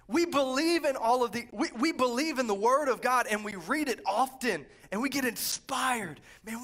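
A pastor delivers a lively, conversational Pentecostal sermon, swinging between quiet asides and fervent shouts. His voice is very high-pitched.

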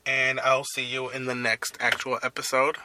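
A man's voice: mid-range voice, flat delivery, normal speed, background noise. A young man hosting a casual solo podcast from his parked car, rambling and swearing as he talks. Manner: crude, rambling, profane storytelling. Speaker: podcast host.

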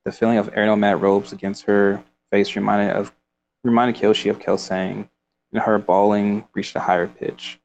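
A man's voice: lowish voice, little pitch movement, moderate pace, vocal fry, a little mellow, muffled recording, a little hiss or hum. A man casually discussing a book, reading passages aloud and rambling with laughs. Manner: rambling, with frequent fillers and laughs.

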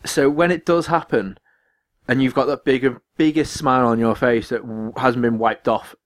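A young man co-hosting a casual podcast, telling animated stories about his week and swearing freely. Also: normal speed. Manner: animated storyteller, mimics others with high-pitched voices, swears. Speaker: podcast co-host. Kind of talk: casual chat.

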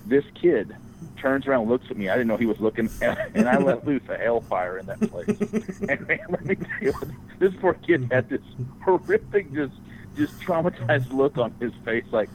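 A man telling a crude story in casual podcast chat, animated and swearing freely. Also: medium pitch, moderate pace, slight background noise, rough recording.

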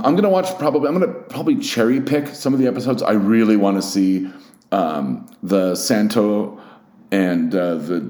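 A man's voice: on the low side, warm tone. A young man hosting a casual solo podcast, rambling and self-deprecating with plenty of swearing. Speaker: podcast host. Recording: roomy echo.

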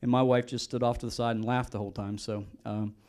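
A middle-aged male pastor preaching a sermon in an earnest, animated way, often repeating and restarting his words. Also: mid-range voice, fast talker.

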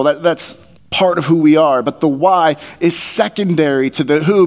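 A man preaching a sermon as pastor, conversational and earnest, repeating phrases for emphasis, on a mic taped to his face. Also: fairly high pitch. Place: church hall. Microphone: headset mic taped to face.

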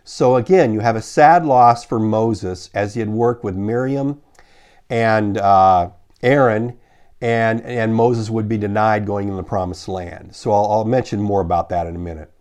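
A middle-aged man preaching a sermon as pastor, measured and slowing down to read scripture aloud. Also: on the low side, darkish tone, smooth.

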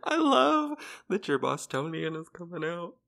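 A man chatting casually as a podcast co-host, dropping dry, low-key remarks. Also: sing-song, unhurried, vocal fry, a bit bright. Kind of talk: casual chat.

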